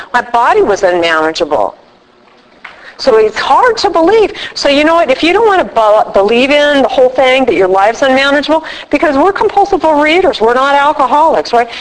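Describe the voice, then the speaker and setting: A woman talks to a live group with a slightly high voice. She is lively and joking, and she acts out little quoted lines of her own. Her speech is loose and conversational, full of quick restarts. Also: poor audio. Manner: loose and chatty, with many restarts. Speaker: speaker at a recovery meeting.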